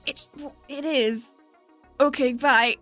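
A woman with a high voice playing her character in a tabletop game. She talks playfully, firing off quick questions with a light, amused touch. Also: fairly even intonation, fairly bright tone, no room sound, faint music behind. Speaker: player.

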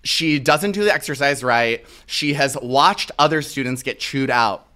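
A young man in casual chat, telling a story with animated delivery and frequent laughs. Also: mid-range voice, unhurried. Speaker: podcast co-host.

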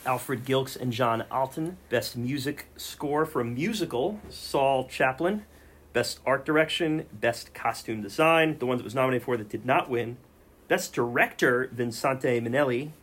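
A man's voice: medium pitch, unhurried, a bit bright. A man hosting a casual podcast, reading off film facts and joking with his co-hosts. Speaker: podcast host.

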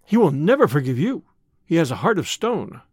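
A gallant, proud young hero speaks earnestly, as a man reading the story voices him close to his own voice. His pitch sits a bit high and moves in a lively way. The recording is close and dry. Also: normal speed, husky, no room sound.

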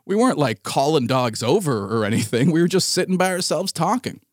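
A man in his thirties or forties hosting a podcast, telling a story in casual chat, animated and exasperated, laughing often. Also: a little high, brisk, no echo, clean studio sound. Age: 30s to 40s. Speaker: podcast host.

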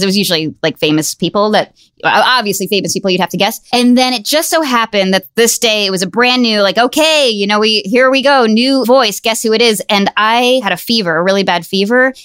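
A woman's voice: mid-range voice, animated, quick pace, fairly bright tone, no room sound. Chatty woman, dry close sound. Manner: chatty, laughs often, lots of "like". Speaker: guest telling a story. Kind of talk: casual storytelling.

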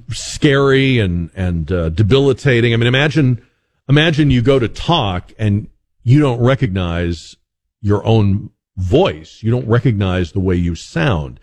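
A man's voice: on the low side, no echo. A man hosting a call-in radio talk show, musing conversationally with frequent restarts and fillers.

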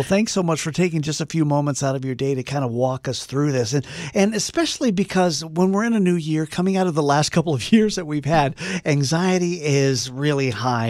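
A man's voice: on the high side, darkish tone, no echo, clean studio sound. A man co-hosting a morning radio show, asking a guest friendly, conversational questions. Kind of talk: radio interview.

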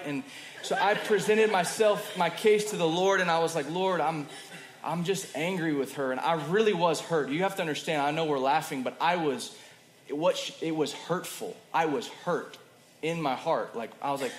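A man preaching a sermon in a church hall, his fairly high voice carrying around a roomy, echoing space. He talks conversationally and shifts between loud emphatic stretches and soft, quiet ones, with faint ambience behind him. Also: slight background noise. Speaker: pastor.

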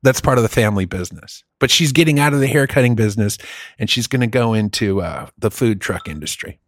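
Man, casual storyteller, lively pitch, dry close sound, cussing freely. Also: fast, dry recording. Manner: animated storytelling, swearing, frequent "dude". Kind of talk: casual chat.

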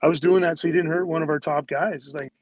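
A man's voice: a little high, steady tone, quick pace, highs cut off, crowd noise. A man who played pro hockey, a guest telling stories in a rambling way, full of "like"s and acted-out quotes of teammates. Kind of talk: casual storytelling.

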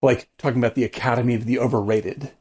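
A man co-hosting a casual film podcast, talking in an animated way with lots of "like"s, swearing and laughter. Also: mid-range voice, fast, slightly rough. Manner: animated, profane, laughs often, many "like"s. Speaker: podcast co-host.

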